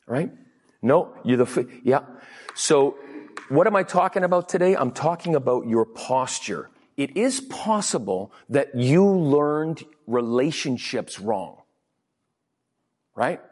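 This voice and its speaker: A man preaching a lively sermon as a pastor, acting out little quoted exchanges in different voices. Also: on the high side, moderate pace, husky. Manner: animated, acts out quotes in funny voices. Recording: long hall reverb.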